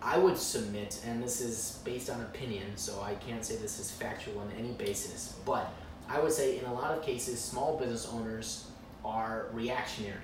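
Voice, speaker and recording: A man hosting a casual podcast, talking in an animated, swearing manner. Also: medium pitch, moderate pace, distant mic, background noise. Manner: animated, swearing, laughing often. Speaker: podcast host. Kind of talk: casual chat. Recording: echoey room, off-mic.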